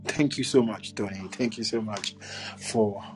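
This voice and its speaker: A man with a fairly low voice hosts a discussion, pausing often and filling gaps with ums. He speaks slowly and deliberately. Faint music plays underneath. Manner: hesitant, many ums, slow and deliberate. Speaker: host. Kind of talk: hosted discussion.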